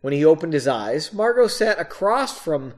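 A man's voice: fairly high pitch, sing-song, moderate pace. A man reading a story aloud and breaking off for casual, self-mocking asides. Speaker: reader of his own novel.

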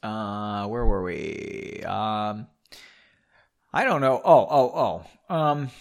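A man's voice: on the low side, extremely slow, vocal fry. A man hosting a podcast, reading a book aloud at home with sarcastic asides. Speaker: podcast host.

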